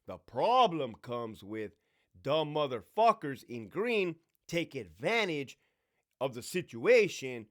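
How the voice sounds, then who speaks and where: Animated, profane ex-prison guard man. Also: fairly high pitch. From California. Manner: profane, blunt, swaggering. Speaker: former prison officer. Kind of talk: casual storytelling monologue.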